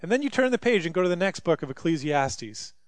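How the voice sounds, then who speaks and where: Animated high-voiced male preacher. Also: quick pace, no echo. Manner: animated, dramatizes scripture voices, rising loudly for emphasis. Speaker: pastor. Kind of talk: sermon.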